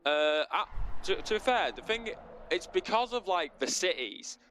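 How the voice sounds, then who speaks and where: A man's voice: sits high, moderate pace, a little hiss or hum. A man with a Northern English accent doing casual sim racing co-commentary, chatty and joking. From Northern England. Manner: chatty, joking, lively banter.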